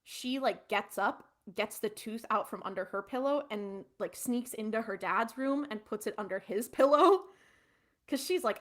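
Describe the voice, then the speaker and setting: A woman's voice: fairly high pitch, expressive, moderate pace. A woman podcast co-host, retelling a TV episode in a rambling, casual way with lots of fillers. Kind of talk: casual recap chat.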